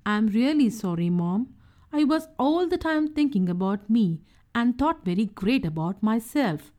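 A woman voicing a boastful young male rabbit in a children's storybook reading, with a quick, bragging delivery. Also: a little high, lively intonation, warm tone. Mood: remorseful.

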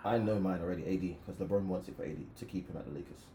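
A man in casual sports chat who cuts in with blunt, quick remarks. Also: low voice. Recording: echoey room with clear noise.

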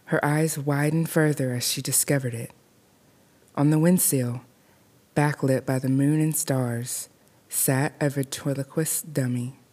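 A woman narrating a scripted horror story in a measured, deliberate way. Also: rumbling low, fairly even intonation, mellow.

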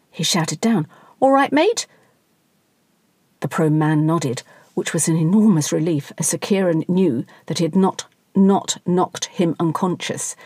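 A woman reading a satirical story aloud in a wry, dry, measured way. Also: lowish voice, darkish tone, breathy edge, no echo. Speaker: narrator.

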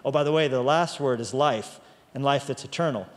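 A man's voice: medium pitch, brisk, in a large hall. A man preaching a sermon as pastor, emphatic, stretching out key phrases for weight.

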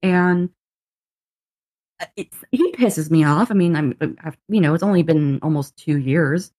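Low-voiced woman telling a story. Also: unhurried, no room sound. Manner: animated storyteller who acts out both sides of conversations and laughs often; swears casually. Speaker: podcast co-host. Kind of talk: casual chat.

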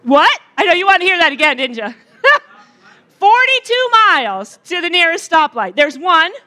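Bright, high-voiced middle-aged woman speaker. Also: very animated, moderate pace. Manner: chatty and joking, bantering with the crowd. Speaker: retreat speaker. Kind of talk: conversational opening talk to an audience.

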